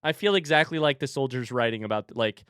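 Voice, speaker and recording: A man's voice: medium pitch, fairly quick, fairly bright tone, clean tone, no echo. A young man giving live gameplay commentary, jumpy and panicky with sudden sworn outbursts. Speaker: streamer.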